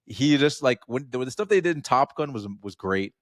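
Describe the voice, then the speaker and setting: A man co-hosting a casual film podcast, rambling and animated, often slipping into little acted-out quotes. His voice sits in a middle register. The sound is dry and close to the mic. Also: medium pitch, normal speed, no echo. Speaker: podcast co-host. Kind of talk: casual film review chat.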